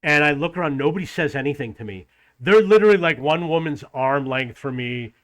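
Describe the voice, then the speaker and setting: Exasperated man ranting, slightly high voice. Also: a little fast. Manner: exasperated, animated storytelling with acted-out dialogue. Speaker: travel vlogger. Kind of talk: casual ranting story.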